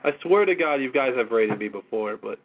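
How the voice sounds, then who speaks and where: A man's voice: mid-range voice, animated, fairly quick, noisy background. A man hosting a casual call-in show, exasperated and mocking, swearing often. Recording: tinny phone-line audio.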